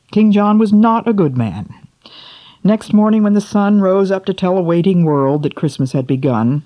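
A woman reading a poem aloud to children, then drawing a moral, slow and expressive, asking her listeners questions. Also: on the low side, no echo. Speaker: storyteller for children.

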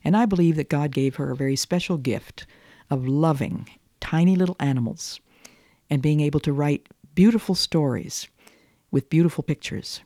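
A woman radio host reading a children's story aloud in a gentle, measured way. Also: low voice, no room sound, clean studio sound.

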